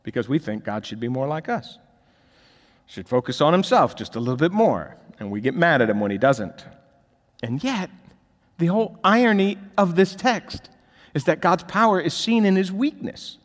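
Male pastor, fairly high lively voice, emphatic sermon delivery, long hall reverb. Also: normal speed. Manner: animated preaching, swinging from quiet asides to loud emphatic peaks.

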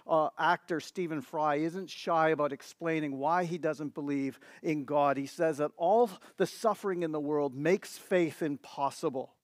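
A male pastor delivering a sermon in a slightly high voice, earnest and emphatic, stacking repeated words for weight. The sound is dry and close, with no room echo. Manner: earnest, building emphasis through repeated phrases.

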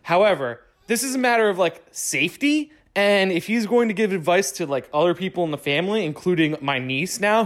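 Young guy ranting through a story, swears, says like a lot, kinda high pitched. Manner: swearing, excitable, heavy use of "like". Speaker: caller telling a story. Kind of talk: animated casual storytelling.

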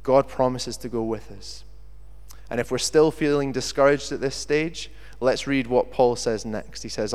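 A man delivers a sermon in an animated storytelling manner, acting out the voices of the people in his story. His voice sits at an ordinary middle pitch. It rings out with the long reverb of a large hall. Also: unhurried, clean tone. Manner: animated storyteller who acts out quotes. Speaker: preacher.

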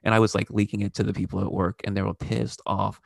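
A man's voice: lowish voice, flat delivery, fast, vocal fry, dry recording, clean studio sound. A man hosting a podcast in casual chat, rambling and swearing freely. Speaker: podcast host.

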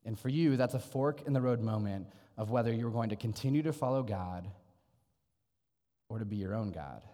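A man's voice: fairly low pitch, moderate pace, mellow, big-room sound. A man preaching a sermon in an earnest, conversational way, asking his listeners rhetorical questions. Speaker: pastor.

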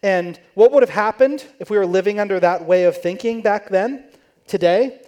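A man's voice: high-pitched, moderate pace, dark tone, highs cut off. A man preaching in church, telling the story conversationally and acting out the quoted voices. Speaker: pastor. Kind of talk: sermon.

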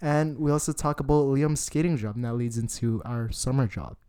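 A man's voice: mid-range voice, level tone, fairly quick, dark tone, clear, resonant tone. A young man co-hosting a student podcast in casual chat, talkative and leaning on filler words, in a student residence room. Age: young adult. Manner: chatty, leans on filler "like".

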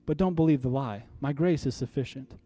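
A man's voice: mid-range voice, a little fast, warm tone. A man preaching a sermon, leading the congregation in call-and-response and building to emphatic, rallying peaks. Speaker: pastor. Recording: faint music behind.

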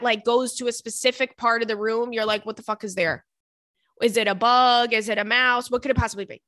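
A young adult woman hosts a podcast, chatting casually and animatedly and swearing now and then. Her voice sits fairly high and sounds pushed and bright, captured dry with clean studio quality.

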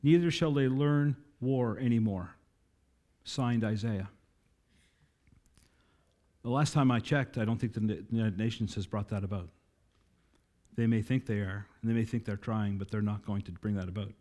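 Guy preaching a sermon, gets loud and fired up at the big lines, talks right to the crowd. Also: mid-range voice. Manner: preaching with rising emphatic climaxes and audience asides. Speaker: pastor.

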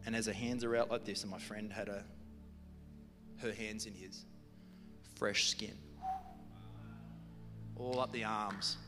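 A man's voice: on the low side, flat delivery, slow, long pauses. A man preaching a sermon, telling a story in a humorous, conversational way. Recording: long hall reverb with music behind.

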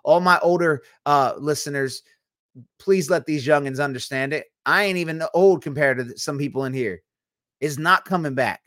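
A man's voice: on the high side, normal speed, fairly bright tone, no echo, clean studio sound. A young man, preaching a sermon in a blunt, conversational way with teasing asides. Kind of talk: sermon-style teaching.

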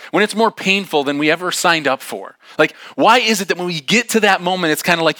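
A man's voice: high-pitched, brisk, few pauses, dry recording. A man, a pastor, giving a casual storytelling sermon in a conversational way, acting out the dialogue of the people in his story. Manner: animated, acts out dialogue in raised voices; casual and conversational with frequent fillers.

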